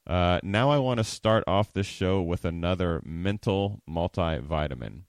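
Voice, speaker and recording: A man's voice: low-pitched, lively intonation, measured pace, clear, resonant tone, dry recording, studio quality. A man hosting a podcast in a casual, chatty and upbeat monologue. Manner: chatty and upbeat, laughs easily. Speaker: podcast host.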